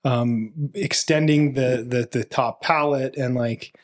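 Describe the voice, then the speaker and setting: Mid-pitched male co-host, easygoing delivery full of fillers. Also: takes it slowly. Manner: relaxed, filler-heavy, many "you know" and "like". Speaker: podcast co-host. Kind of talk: casual conversation.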